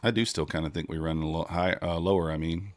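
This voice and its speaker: A man's voice: sits low, steady tone, fast talker, no room sound. A man hosting a casual trading livestream, chatting with viewers and counting down a giveaway.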